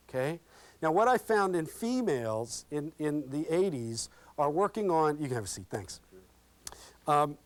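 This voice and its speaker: A man leading an interview skills workshop, talking in a lively, interactive way and acting out examples with his audience. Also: a little high, no room sound. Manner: lively and interactive, checks in with "okay?" constantly; folksy and animated, acts out examples. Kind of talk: live workshop talk with role-play demonstrations.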